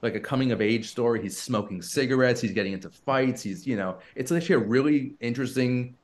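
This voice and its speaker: A man hosting a casual film podcast. He talks with enthusiasm, recommends movies and fills his pauses with "uh". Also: medium pitch.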